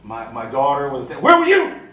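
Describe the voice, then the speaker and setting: A man voicing a harsh, dismissive female police sergeant who snaps out loud, curt questions, recorded in an echoey room from a distance. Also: mid-range voice, steady tone, fast, lo-fi sound, close to an everyday voice. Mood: barking.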